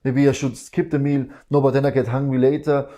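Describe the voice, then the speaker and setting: A man voicing the frantic inner voice of someone rushing through his morning, with hurried, fretful self-talk. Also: medium pitch, little pitch movement, mellow, natural voice.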